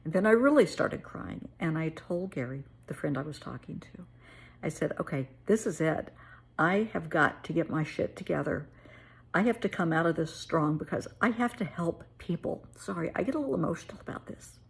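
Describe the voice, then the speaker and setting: A woman's voice: deep voice, animated, moderate pace, creaky, slightly rough. A middle-aged woman therapist telling a personal story and giving earnest, emotional advice. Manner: earnest, emotional, calls listener honey.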